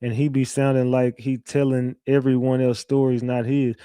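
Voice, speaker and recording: A man's voice: mid-range voice, level tone, moderate pace, warm tone, smooth, no echo, clean studio sound. A man hosting a casual livestream, talking loosely and profanely, repeating himself and reading viewer messages aloud. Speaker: livestream host.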